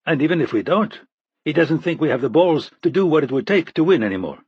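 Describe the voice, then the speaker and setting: A man's voice: a little high, animated, quick pace, slightly rough, no room sound, muffled recording, voice pushed up. A man voicing an agitated, swearing CIA Russia chief. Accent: faint Russian. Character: stressed male CIA Russia chief, profane and blunt.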